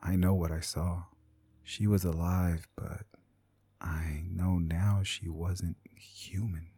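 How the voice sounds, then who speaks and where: A male narrator tells a scripted horror story in a low, gravelly, mellow voice. He often drops to a hushed near-whisper, with faint music underneath. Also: level tone, slow, dry recording. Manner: hushed, half-whispered delivery.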